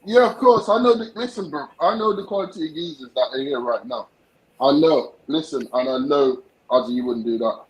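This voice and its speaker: A man's voice: a little high, brisk, poor audio. A man in casual livestream chat, reassuring his friends in a supportive, profane way. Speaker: livestream panel guest.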